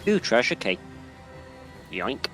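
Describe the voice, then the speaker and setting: A man's voice: medium pitch, sing-song, slow pace, fairly bright tone, soft background music. A man chatting while streaming a game with friends, making dry, teasing remarks. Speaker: gamer on a stream. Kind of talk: casual chat while gaming.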